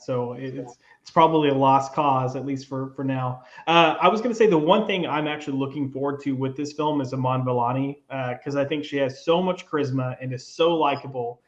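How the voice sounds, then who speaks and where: A man co-hosting a podcast in relaxed casual chat, often agreeing and using fillers. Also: medium pitch, fairly quick, hardly any pauses, roomy sound, dull audio. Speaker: podcast co-host.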